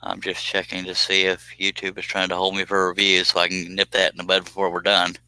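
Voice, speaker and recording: A man's voice: low voice, completely flat delivery, brisk, bright, forceful tone, a little hiss or hum, low-quality recording. A man hosting a casual live stream, chatting in a folksy, joking way while he cuts on a scroll saw in his workshop. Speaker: livestream host.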